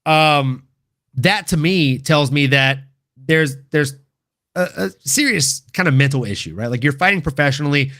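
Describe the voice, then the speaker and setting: Male livestream host, bright and lively delivery, loose and profane. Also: fairly high pitch, normal speed. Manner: excitable, swears freely, laughs often. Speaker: podcast host. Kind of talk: casual livestream chat.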